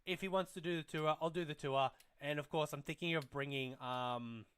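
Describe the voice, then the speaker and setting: A man's voice: fairly high pitch, normal speed, a bit bright, clear, resonant tone. A young man hosting a casual toy livestream, rambling and swearing freely as he reads chat aloud. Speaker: livestream host.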